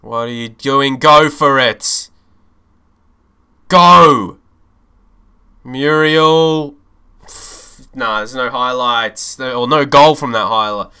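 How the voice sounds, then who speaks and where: A young man streaming a football management game, commenting live with animated, frustrated swings and frequent swearing. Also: mid-range voice, slow, long pauses, smooth.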